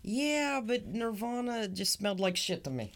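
A woman's voice: a little high, very animated, moderate pace, crowd noise. A woman co-hosting a podcast in casual chat, teasing and often laughing as she tells a story. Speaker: podcast co-host.

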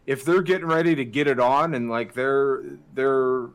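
A man's voice: medium pitch, moderate pace, smooth. A man co-hosting a podcast, riffing on ideas with enthusiasm and many casual fillers. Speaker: podcast co-host. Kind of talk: casual chat.

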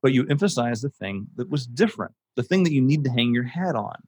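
The guest in this casual interview runs an audiobook production company, and he's animated and emphatic, swearing to drive points home. He talks fast at medium pitch with a breathy edge, and there's no echo.

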